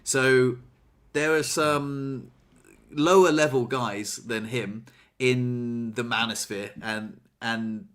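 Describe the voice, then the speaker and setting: A man in casual chat, telling an animated story and acting out what people said. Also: mid-range voice, slow pace. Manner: animated storyteller, acts out quotes, laughs.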